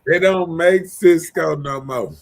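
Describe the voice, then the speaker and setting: A man's voice: on the high side, slow, gravelly. A man hosting a casual live-stream chat, joking and laid-back as he talks. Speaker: show host.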